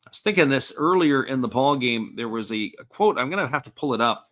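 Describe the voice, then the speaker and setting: A man calling a baseball game live, his voice sitting at an everyday middle pitch. He talks in an easygoing, folksy way, describing each pitch and chatting with viewers in between. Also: brisk. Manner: steady, folksy play-by-play with asides to chat. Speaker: play-by-play commentator.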